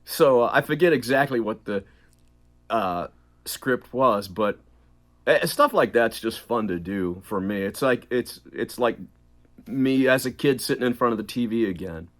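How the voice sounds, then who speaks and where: Lively middle-aged man chatting as a guest. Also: medium pitch, measured pace. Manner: animated, laughs often, slips into accents mid-sentence. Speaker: guest, voice actor and narrator. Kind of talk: casual interview chat.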